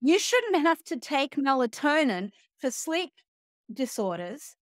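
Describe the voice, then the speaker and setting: A woman's voice: high-pitched, slow, dry recording, studio quality. A middle-aged woman, a health and wellness coach, talking in a casual interview and acting out sarcastic quotes. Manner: animated, acts out quoted voices, sarcastic asides.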